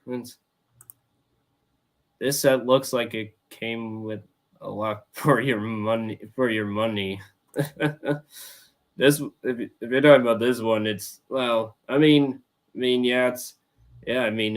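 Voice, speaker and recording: A young man hosting a casual roundtable chat, talking haltingly with many restarts and repeated words. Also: mid-range voice. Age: young adult. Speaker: host.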